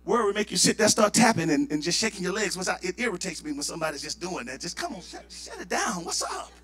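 A male pastor with a Southern US accent, preaching a sermon and building to shouted fervor. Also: high-pitched, quick pace, faint music behind.

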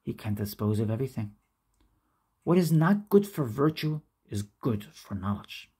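A woman's voice: very deep voice, lively intonation, moderate pace, mellow, slightly rough. A woman reading a classic essay aloud, careful and stumbling now and then over hard names. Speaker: reader.

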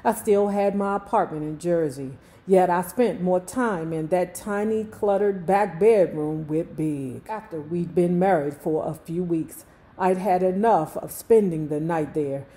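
A low, dark-toned woman's voice belongs to a book club host in her fifties, thickly accented from Washington, D.C. Casual and slow, she reads with a drawl, then chats and jokes in little asides.

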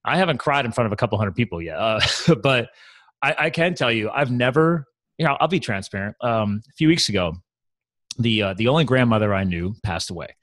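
A man's voice: mid-range voice, lively intonation, a little fast, fairly bright tone, dry recording. A man talking as a podcast guest, earnest and open, telling personal stories casually with lots of "man" and "like". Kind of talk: candid conversational storytelling.

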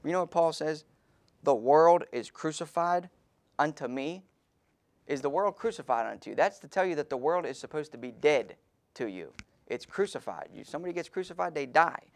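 A man pastor preaching a sermon in an informal, folksy way, with many fillers and restarts, and reading scripture aloud slowly and with emphasis. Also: a little high, expressive, gravelly. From Pennsylvania, USA.

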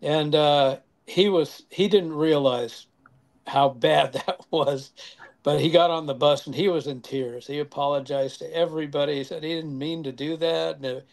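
A man's voice: on the high side, normal speed, gravelly. An older man, a former band member, telling stories in a casual interview and acting out the voices in them with chuckles. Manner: animated anecdotes with acted quotes and chuckles.

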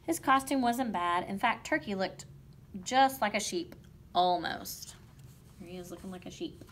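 A woman reading a picture book aloud to children, lively and playful. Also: medium pitch, moderate pace, slight background noise. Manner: lively, playful voices for the animals. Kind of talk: children's storybook read-aloud.

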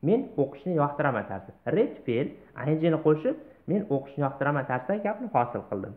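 A man teaching an online English lesson, reading word lists slowly and clearly. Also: on the high side, big pitch swings. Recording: tinny phone-like sound.

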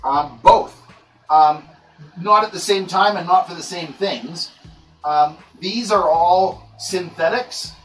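A man hosting a casual livestream while working with plants, talking in a laid-back, rambling way with many fillers. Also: on the high side. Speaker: livestream host. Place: indoor grow room. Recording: echoey room, voice far from mic, faint music.

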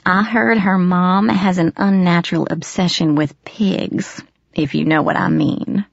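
A woman's voice: lowish voice, steady tone, gravelly, dry recording, lo-fi sound. Woman doing a nasal, catty teenage gossip. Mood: gossipy. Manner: gossipy, mocking, drawn-out.

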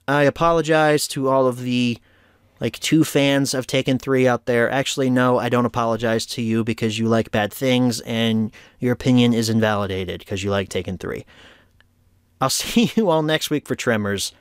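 A man's voice: medium pitch, normal speed, smooth, no echo. Guy wrapping up his movie review vlog, chatty, opinionated, dry close sound. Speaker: movie reviewer, show host. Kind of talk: casual home media review vlog.

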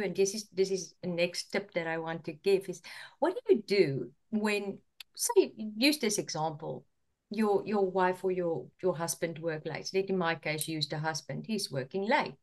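A woman's voice: on the low side, normal speed, darkish tone. Earnest woman coach giving marriage advice. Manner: earnest, repeats words while explaining. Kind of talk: talk show advice.

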